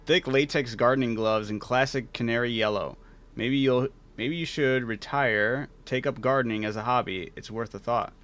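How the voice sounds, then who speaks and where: A man's voice: mid-range voice, a bit bright. A man playing a video game, casually reading its text aloud and chatting, laughing often. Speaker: gaming streamer.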